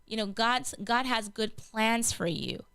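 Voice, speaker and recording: An earnest woman hosting a gospel show, telling a personal faith testimony with many restarts. Her voice is very clear and smooth, recorded close and dry with no room sound. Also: a little high, lively intonation, a little slow, bright, forceful tone, no echo. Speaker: gospel radio show host. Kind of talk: personal testimony, casual spoken.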